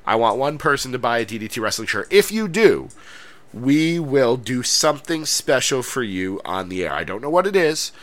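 A man's voice: medium pitch, expressive, brisk, hardly any pauses, a bit bright. A man co-hosting a wrestling podcast in casual chat, joking and playing mock exasperation as he signs off. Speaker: podcast co-host.

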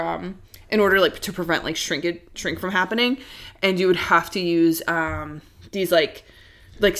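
A woman co-hosting a casual podcast, telling stories in an animated way, laughing often and using lots of fillers. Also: lowish voice. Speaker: podcast co-host. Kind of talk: casual chat.

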